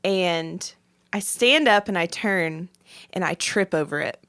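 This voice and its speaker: A young adult woman co-hosts a casual podcast with a bright, forward tone. She tells stories animatedly, jumping into the voices of the people she quotes. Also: lowish voice, slow pace, smooth. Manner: animated storyteller, acts out quotes. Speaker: podcast co-host. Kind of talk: casual chat.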